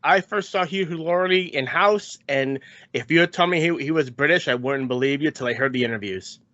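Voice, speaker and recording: A man's voice: fairly high pitch, moderate pace, pushed and bright, dry recording. A man co-hosting a podcast, filling in background in a matter-of-fact way. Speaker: podcast co-host. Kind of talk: casual podcast chat. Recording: dull lo-fi podcast mic.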